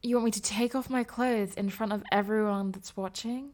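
A woman playing a breathy, flustered young streamer. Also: medium pitch, steady tone, a little mellow, lightly acted. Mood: coy.

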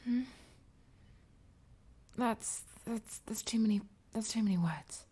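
A woman playing a breathy, flustered young streamer. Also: a little high, darkish tone. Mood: breathless.

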